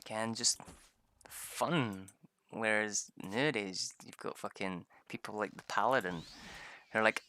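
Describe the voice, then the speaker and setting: A man's voice: lowish voice, unhurried, pushed and bright, dry recording. A man telling a rambling story about a tabletop game session, swearing often and laughing a lot. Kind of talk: casual storytelling.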